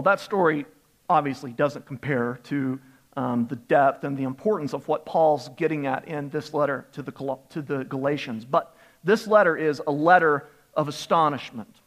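A young adult man preaching a sermon, telling a self-deprecating personal story and laughing often. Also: fairly high pitch. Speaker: pastor.

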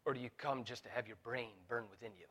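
A man preaching a sermon as pastor, building to fervent peaks, with halting restarts and fillers along the way. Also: medium pitch, steady tone, sharp tone, breathy edge. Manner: preaching with rising intensity, voicing Jesus in quotes.

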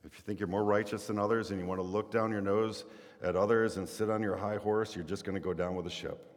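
A man preaching a sermon, telling a story with animated quoted voices and then dropping to a low, quiet delivery. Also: fast, big-room sound. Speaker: pastor.

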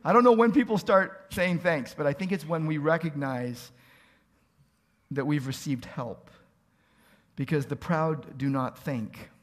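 A man's voice: a little high, a little slow. A man preaching a sermon as pastor, earnest, asking pleading rhetorical questions and building to emphatic peaks.

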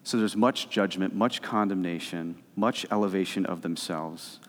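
A man preaching a sermon as pastor, animated and emphatic, swinging between loud stretches and soft, low ones. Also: normal speed. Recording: reverberant hall.

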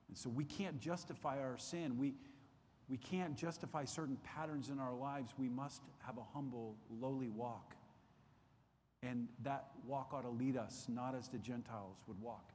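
A man's voice: medium pitch, normal speed, darkish tone, long reverb tail, a little hiss or hum. A man teaching a Sunday school Bible lesson, earnest and repeating key phrases for emphasis. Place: church classroom.

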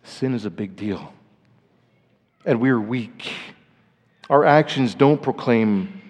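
Speaking slowly with long pauses, a male pastor delivers a sermon whose middle-pitched voice sinks to hushed, solemn lows and then climbs to emphatic highs. His words echo with long reverb, as though in a big sanctuary.

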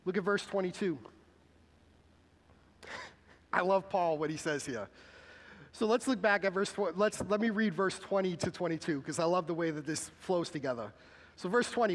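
In a large church sanctuary, a pastor with a high voice preaches a sermon at a moderate pace. He keeps it conversational and puts questions to the congregation.

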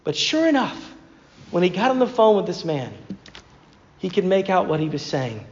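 A man preaches a sermon as a pastor, telling stories conversationally and repeating words. His voice sits high and is very animated at a moderate pace, while the recording is muffled with long hall reverb.

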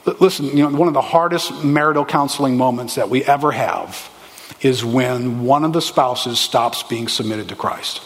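A man preaching a sermon as a pastor, with animated, emphatic delivery and quick asides to the congregation. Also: mid-range voice, in a large hall.

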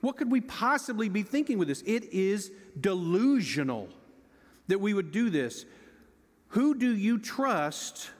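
Man, pastor, sermon, high voice, sarcastic, long reverb of a large hall. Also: measured pace. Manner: animated, sarcastic, acts out quoted voices.

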